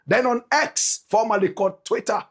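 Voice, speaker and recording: A Ghanaian man hosts his show in Ghanaian English with a flamboyant, preacher-like cadence, stacking phrase after phrase. His voice sits high for a man. It carries a husky, grainy edge. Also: moderate pace. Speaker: show host. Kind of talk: energetic show intro and sponsor pitch.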